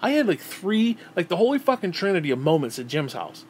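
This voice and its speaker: A man's voice: high-pitched, big pitch swings, brisk, a little hiss or hum. A man in his thirties telling a childhood memory in a casual, rambling way, cursing often and stumbling over repeated words. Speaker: vlogger. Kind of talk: casual storytelling.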